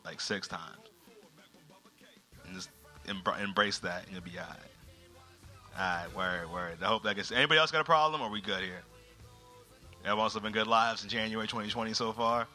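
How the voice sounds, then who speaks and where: A man hosting a live comedy show, teasing the audience with loud, profane banter. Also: mid-range voice. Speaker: host. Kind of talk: live comedy crowd work.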